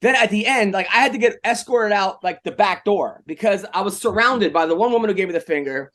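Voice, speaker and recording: A man hosting a podcast, telling a story in a lively, animated way. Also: sits high, fairly quick. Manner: animated storyteller, jumps into voices. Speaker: podcast host. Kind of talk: casual chat.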